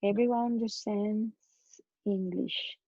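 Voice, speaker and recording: A woman with a mid-range voice and fairly even intonation does English grammar exercises aloud at a slow pace. Hesitant, she repeats words and fixes her own mistakes, heard on a dry, muffled recording.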